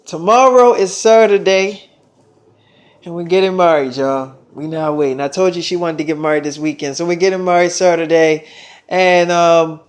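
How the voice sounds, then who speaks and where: A man's voice: on the high side, steady tone, normal speed. A young man telling a long personal story in a rambling, profane way, with lots of fillers. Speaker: vlogger. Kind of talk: casual storytelling monologue.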